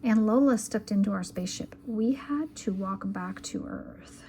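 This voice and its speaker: A woman reading a children's picture book aloud in a calm, gentle bedtime manner, at times sinking to a whisper. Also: mid-range voice, measured pace, noisy background. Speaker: children's storyteller.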